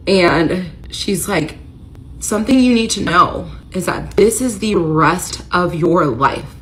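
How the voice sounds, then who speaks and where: A woman's voice: lowish voice, lively intonation, a little slow, a little hiss or hum, rough recording. An American woman in her thirties telling an emotional personal story in a confessional storytime style. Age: 30s. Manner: emotional, rising to near-shouting when retelling the confrontation.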